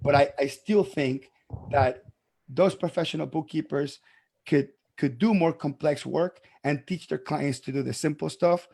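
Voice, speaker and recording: Man, gravelly voice, slightly high, emphatic podcast debater, repeats words when pressed. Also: unhurried, a little mellow. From abroad. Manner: emphatic, stumbling over restarts when interrupted. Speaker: accountant and podcast host.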